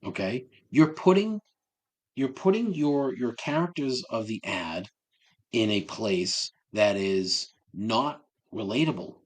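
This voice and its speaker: Man, podcast host, sarcastic, profane rant, swooping animated pitch. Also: takes it slowly.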